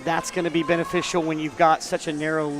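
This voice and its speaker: A man's voice: on the high side, little pitch movement, quick pace. A man giving analytical color commentary on a roller derby bout, talking through the plays with some restarts. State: winded.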